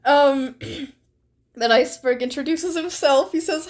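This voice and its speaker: High-voiced, sarcastic woman streamer. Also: a little slow. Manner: sarcastic, giggly, swears. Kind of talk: casual live-stream chat.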